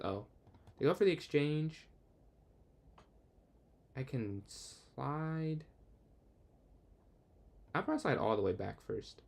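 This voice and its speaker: Young man thinking aloud over chess. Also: mid-range voice. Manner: thinks aloud, quick asides to chat; excitable outbursts when the game turns. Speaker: chess streamer. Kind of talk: casual live game commentary.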